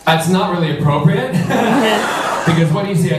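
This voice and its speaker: A man's voice: sits high, normal speed, background noise. A man telling funny stories at a fan convention panel in a camp, playful, theatrical way. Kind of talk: comic storytelling at a fan panel. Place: large convention hall. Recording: echoey hall, distant mic, loud crowd.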